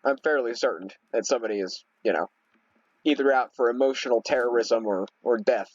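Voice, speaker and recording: Husky man rambling through a story. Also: medium pitch, brisk, no echo, dull audio. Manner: rambling, many fillers and restarts. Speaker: gaming video host. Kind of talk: casual storytelling over gameplay.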